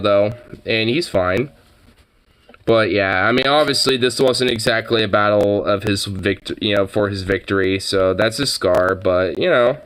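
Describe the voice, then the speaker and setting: Casual streamer who swears freely, talks slowly with big pitch swings, faint noise behind. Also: a bit bright. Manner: profane, scolds and coos at pets; reacts to chat messages. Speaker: live streamer. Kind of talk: casual live-stream chat.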